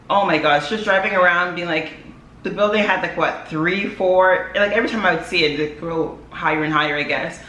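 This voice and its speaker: A woman's voice: on the low side, a bit bright. A young woman chats straight to her viewers in a loose, heartfelt vlog voice, peppering her talk with fillers and little laughs. Her voice bounces around a roomy, echoing space, with a faint hum of ambience underneath. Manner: chatty and emotional, frequent "like" fillers, laughs often. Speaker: vlogger. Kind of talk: casual talking-to-camera vlog. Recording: echoey room with faint ambient noise.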